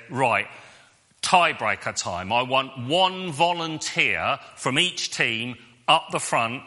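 A man's voice: mid-range voice, sharp tone. A man preaching, telling a humorous self-deprecating story to a congregation. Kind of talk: sermon storytelling.

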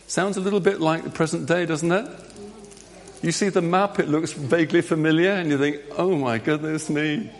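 Lively preacher in a reverberant hall. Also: male voice, on the high side. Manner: lively, jokey, directing volunteers. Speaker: preacher leading a Bible story with volunteers. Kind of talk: all-age church talk.

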